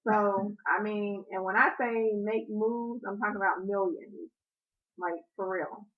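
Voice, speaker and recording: A woman's voice: mid-range voice, steady tone, unhurried. A woman co-hosting a casual chat with her husband, blunt and emphatic in her opinions. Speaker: podcast co-host. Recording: tinny phone-like audio.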